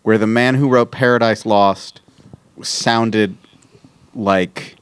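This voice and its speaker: A man co-hosting a podcast, joking sardonically with swearing and quick tangents. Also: fairly low pitch, fairly even intonation, clean tone, no echo. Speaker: podcast co-host. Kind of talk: casual comedic chat.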